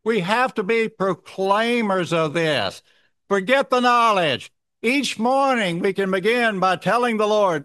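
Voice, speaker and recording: A man earnestly exhorting fellow believers at a church meeting in a measured, urging way. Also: high voice, animated, pushed and bright. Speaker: church member sharing in a meeting. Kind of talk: sermon-like exhortation.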